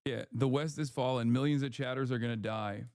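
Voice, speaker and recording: A man's voice: medium pitch, steady tone, fairly quick, a little mellow, clean tone, no room sound, studio quality. A man streaming casually, reading ban appeals from chat with a sardonic, mocking manner. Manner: sardonic, reads chat messages aloud in mocking voices.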